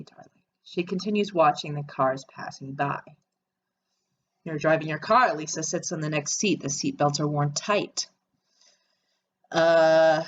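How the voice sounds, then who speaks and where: A woman's voice: sits low, lo-fi sound, slight background noise. Woman reading a story game aloud. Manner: chatty, with sarcastic asides. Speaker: player reading an interactive story.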